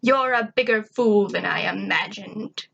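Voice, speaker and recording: A woman's voice: medium pitch, unhurried, creaky, fairly bright tone, lo-fi sound, slight background noise. A woman voicing a scheming female alien soldier who speaks coldly and with scorn. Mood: scornful. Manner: cold, scornful.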